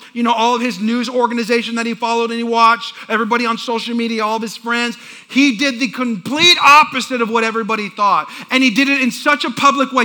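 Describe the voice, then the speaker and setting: A man preaching a sermon with humor, telling family stories and talking directly with the congregation. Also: very high-pitched. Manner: animated, acts out family scenes; talks with the congregation. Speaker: pastor.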